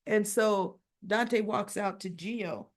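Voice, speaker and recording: A woman's voice: medium pitch, takes it slowly. A woman giving a casual recap of a soap opera episode, retelling the scenes and quoting each character in turn.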